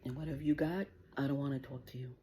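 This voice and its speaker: A woman's voice: rumbling low, steady tone, fast talker, mellow, a little hiss or hum. Profane, taunting woman ranting on a livestream. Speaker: livestream host. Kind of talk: angry livestream rant.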